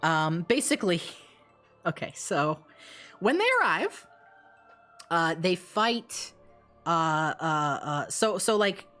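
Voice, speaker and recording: A woman streamer casually retelling a story, animated and swearing, with quick asides and restarts. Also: fairly low pitch, soft background music.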